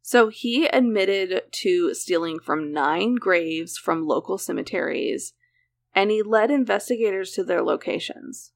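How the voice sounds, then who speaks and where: Her voice is mid-range and gravelly, animated yet unhurried. She recounts a true crime case on her podcast in a conversational way, reading case details, adding asides, and leaning on "like" often.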